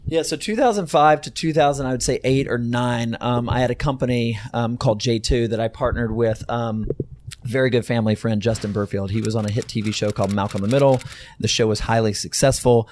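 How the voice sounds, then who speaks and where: A man's voice: medium pitch, brisk, a little mellow, a little hiss or hum. A middle-aged man from Texas, a company co-founder, telling stories in a casual interview with many fillers and restarts.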